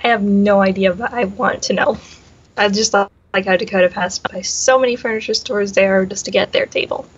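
A young woman talks through her thoughts on a podcast in a measured, slightly hesitant way. Her voice sits at a middle pitch, and the recording sounds a bit dull. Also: fairly even intonation, slightly rough. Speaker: podcast co-host. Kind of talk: casual chat.

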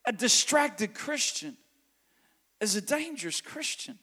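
A man's voice: sits high, sing-song, slow pace, long pauses, pushed and bright. A New man in his forties preaching a sermon, telling a story and building to fervent calls. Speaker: pastor. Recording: long hall reverb.

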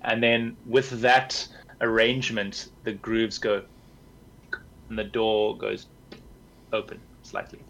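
A man's voice: fairly low pitch, steady tone, slow pace, vocal fry, pauses often, fairly bright tone, slight background noise, rough recording. Casual man running a tabletop game. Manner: descriptive, casual, with fillers. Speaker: game master.

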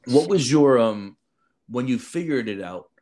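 A man's voice: mid-range voice, a little slow, a crowd in the background. This is a man in easy conversation, full of slang and constant "bro"s. He tells his stories with energy and acts out the people in them. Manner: animated, acts out quotes in changed voices; slangy, says "bro" a lot. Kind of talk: casual storytelling chat.

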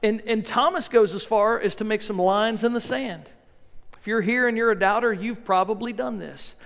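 High, gravelly-voiced preaching man. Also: moderate pace, a bit bright, long reverb tail. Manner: conversational, earnest preaching with repeated phrases. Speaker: pastor. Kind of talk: sermon. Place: church sanctuary.

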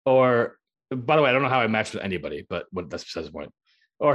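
A man co-hosting a comedy podcast, complaining in a wry, deadpan way with frequent swearing. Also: lowish voice, fast. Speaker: podcast co-host. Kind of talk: casual comedic chat.

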